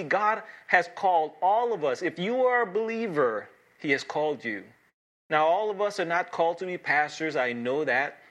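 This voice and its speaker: A pastor delivers an evening sermon with a bright, forceful tone and a slightly high voice. He preaches earnestly and emphatically, leaning on dramatic pauses and repeating key phrases for weight. His delivery rises and falls between urgent appeals and quiet, reassuring moments.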